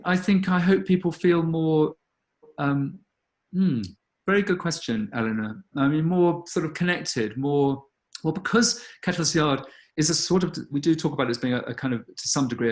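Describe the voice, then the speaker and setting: Man of middle pitch, earnest director taking audience questions, hesitant thoughtful delivery. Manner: earnest appeal, thoughtful with frequent ums. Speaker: gallery director. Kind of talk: live online Q&A talk.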